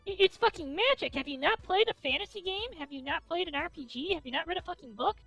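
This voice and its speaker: A woman's voice: extremely high pitch, animated, fast talker, gravelly, fairly bright tone, soft background music. A woman streamer commenting on a game with crude, exasperated ranting.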